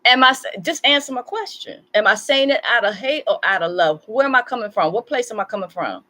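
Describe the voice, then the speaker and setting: A woman's voice: a little high, expressive, brisk, sharp tone. A woman hosting a casual live stream from home into a laptop, talking bluntly and with some profanity, teasing and chatty.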